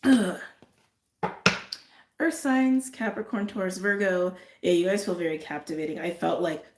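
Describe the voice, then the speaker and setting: Woman, low-ish voice, effusive tarot reader repeating herself, echoey room. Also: steady tone, normal speed, noisy background. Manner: effusive, repeats phrases, drifts into soft trailing asides. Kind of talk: intuitive reading to camera, casual chat.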